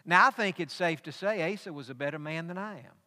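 A man preaches a sermon with a high, bright voice. He tells a personal story and builds to emphatic peaks. His words ring out with the long reverb of a large church hall. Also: brisk. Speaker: pastor.

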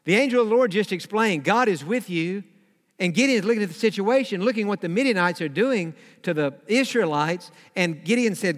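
High-voiced male pastor preaching in a hall. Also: expressive, fairly quick. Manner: reads scripture then explains, acts out pleading prayers. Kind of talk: sermon.

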